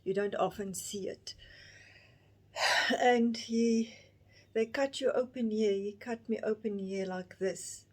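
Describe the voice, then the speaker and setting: A woman in her fifties tells a personal story straight to camera, stopping and restarting often as emotion catches her. Her voice sits at an ordinary middle pitch for a woman. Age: 50s. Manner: halting, emotional retelling with many restarts. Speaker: vlogger.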